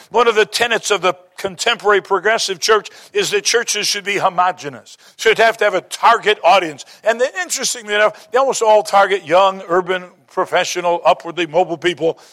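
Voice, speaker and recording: A man's voice: sits high, a little fast, few pauses, bright, forceful tone. A man preaching a sermon, telling stories and quoting scripture, with emphatic rises in his delivery. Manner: storytelling, rising to emphatic bursts.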